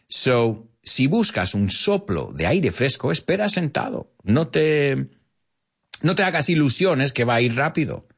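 A man's voice: on the high side, husky. A man hosting a live English lesson, playful and joking with viewers, slipping Spanish phrases into his explanations. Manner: playful, animated, jokes with viewers. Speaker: English teacher and show host.

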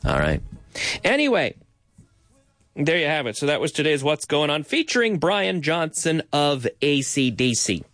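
Lively radio host explaining phrases. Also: male voice, fairly high pitch, moderate pace, no echo, studio quality.

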